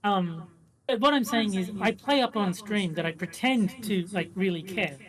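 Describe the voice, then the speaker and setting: A man's voice: sits high, normal speed. Matter-of-fact Australian man, crowd behind. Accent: Western Australian. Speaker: streamer. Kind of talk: casual chat. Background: crowd chatter.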